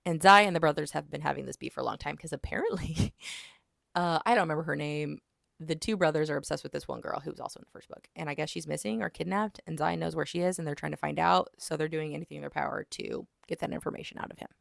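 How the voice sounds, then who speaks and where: A woman chatting casually as she reviews a book, retelling it in an animated way with lots of "like". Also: low voice, quick pace, gravelly, dry recording, studio quality.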